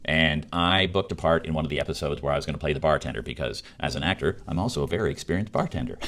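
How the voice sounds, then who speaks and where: A middle-aged man, a working actor telling a self-mocking story in a casual, animated way, laughing between lines. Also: very deep voice.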